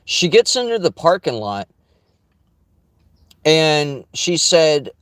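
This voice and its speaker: A man's voice: a little high, big pitch swings, takes it slowly, long pauses, fairly bright tone, dry recording. Blunt, profane man telling a story. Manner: blunt, profane, rambling with restarts. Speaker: vlogger. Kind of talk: casual storytelling.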